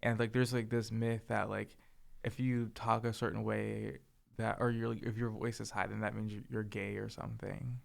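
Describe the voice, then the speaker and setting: Young male podcast co-host, soft-spoken, low-pitched with some vocal fry, hesitant and casual. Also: flat delivery, moderate pace. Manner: hesitant, lots of filler words.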